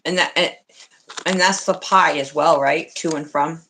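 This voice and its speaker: A man's voice: fairly high pitch, fairly even intonation, normal speed, bright, forceful tone, slightly rough. A man asking questions on a live stream, deferential and hesitant. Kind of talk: casual Q&A. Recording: dull lo-fi stream audio.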